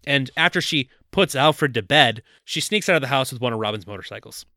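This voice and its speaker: A man's voice: medium pitch, expressive, fairly quick, bright, forceful tone, no room sound, studio quality. A man co-hosting a podcast, riffing sarcastically on a movie and acting out jokey voices for its characters. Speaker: podcast co-host. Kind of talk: casual movie-riffing chat.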